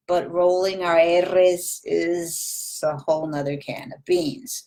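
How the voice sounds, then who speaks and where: A woman's voice: fairly low pitch, little pitch movement, slow pace, a little mellow. A woman Spanish teacher giving a recorded lesson, patiently repeating practice words and demonstrating sounds.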